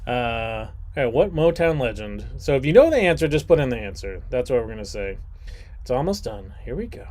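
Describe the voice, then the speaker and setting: Lively, jokey male trivia host. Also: medium pitch, a little fast. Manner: jokey, rambling asides, animated. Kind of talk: livestreamed trivia hosting.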